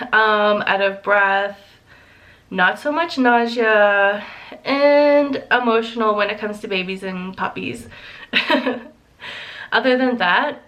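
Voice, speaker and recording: A woman's voice: on the high side, a bit bright. A young woman chatting casually to the camera, giggling often and filling her talk with likes and ums. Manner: giggly, chatty, lots of fillers. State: a little emotional. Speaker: vlogger. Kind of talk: casual chat.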